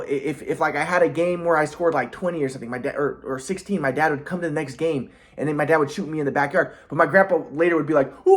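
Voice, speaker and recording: A man in a rambling personal monologue who sounds aggrieved, often restarts his sentences, and swears. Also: fairly high pitch. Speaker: vlogger.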